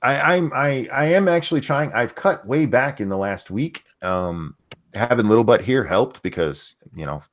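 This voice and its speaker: A man's voice: medium pitch, animated, normal speed. A man hosting a casual livestream, reading out viewer messages in a rambling, stammering, profane way. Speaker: host reading super chats.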